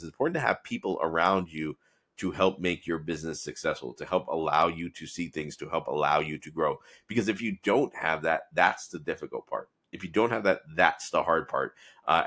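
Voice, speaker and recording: A man with a deep voice and sharp tone hosts a solo podcast, talking his way through a TV episode in a rambling, conversational style with many restarts. He is the podcast's host and also a business consultant.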